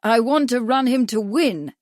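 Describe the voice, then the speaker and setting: A woman voicing a polite, slightly awkward gentleman who speaks loudly and distinctly, as if to a deaf man. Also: fairly high pitch, animated, normal speed, no room sound, studio quality, voice pushed up, natural voice. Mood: earnest.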